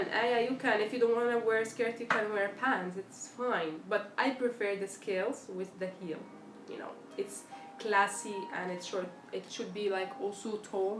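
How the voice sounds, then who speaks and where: Chatty young woman on a live stream. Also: mid-range voice. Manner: chatty, animated storytelling, acts out quoted dialogue. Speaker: live-stream host answering viewer questions. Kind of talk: casual live Q&A chat. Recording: echoey room, faint background noise.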